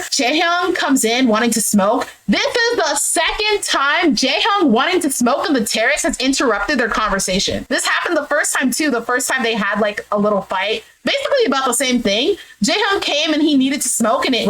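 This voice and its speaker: A woman's voice: a little high, fairly bright tone, low-quality recording. Chatty woman retelling a show. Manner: retells scenes animatedly, acting out quotes with "he's like". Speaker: recap vlogger. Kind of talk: casual show recap. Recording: faint background noise.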